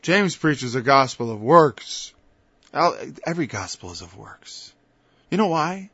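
A man's voice: medium pitch, very animated, unhurried, a bit bright, slightly rough, no echo. A man preaching an informal Bible-study sermon. He talks conversationally, stops and restarts, then builds to emphatic peaks. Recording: dull lo-fi dry recording.

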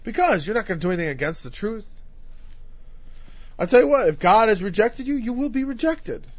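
A man's voice: high-pitched, very animated, brisk, no room sound, muffled recording. A man preaching a sermon emphatically, teaching through a scripture passage and sometimes raising his voice. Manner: emphatic, raises voice at times.

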